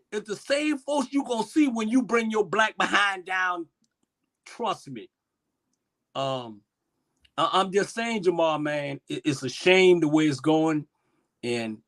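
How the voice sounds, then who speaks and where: A man giving impassioned commentary on a livestream, swinging between loud outbursts and quiet asides. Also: high voice. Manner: impassioned, swings loud and soft, repeats himself. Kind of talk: impassioned casual talk.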